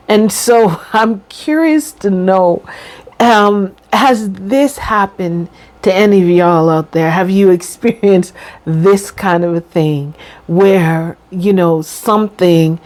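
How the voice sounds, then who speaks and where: A woman's voice: mid-range voice, darkish tone. A middle-aged woman vlogging casually about life after a brain injury, breaking into laughter often. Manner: laughs often while talking, drawn-out pauses. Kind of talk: casual talk to camera.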